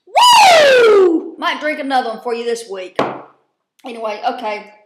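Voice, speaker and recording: A woman's voice: fairly high pitch, brisk, heavy background noise. A woman, recapping a TV show in a casual vlog, blunt and profane with lots of rambling fillers. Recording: roomy echo.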